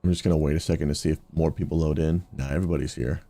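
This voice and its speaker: Deep-voiced pastor streaming a game. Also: male voice, steady tone, racing, warm tone, no room sound. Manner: upbeat, talks straight to chat, slips into preaching. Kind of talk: casual livestream chat while gaming.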